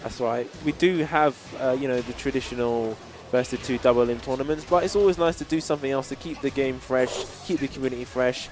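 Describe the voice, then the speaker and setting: A man with a mid-range voice calls fighting game action as co-commentator. He breaks down moves with quick, excitable reactions. Faint music plays behind him. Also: medium pitch. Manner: excitable play-by-play, analytical. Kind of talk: casual esports commentary.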